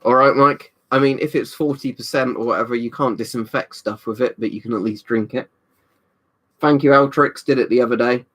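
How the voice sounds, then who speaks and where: A young British man hosts a casual livestream from a room at home, reading viewer comments while slightly tipsy from a drink. His medium-pitched, fairly bright voice moves fairly quickly with fairly even intonation, and he rambles and chats with frequent "um" and "you know."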